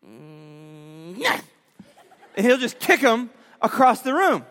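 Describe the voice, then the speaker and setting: High-voiced dad telling an animated story. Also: male voice, normal speed, long reverb tail. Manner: animated, acts out quotes, laughs often. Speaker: father telling a story to a young audience. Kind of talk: storytelling talk.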